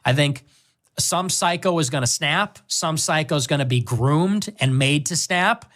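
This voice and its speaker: A man's voice: a little high, a little slow, a bit bright. A man in a played clip of political commentary, speaking in an emphatic, warning way.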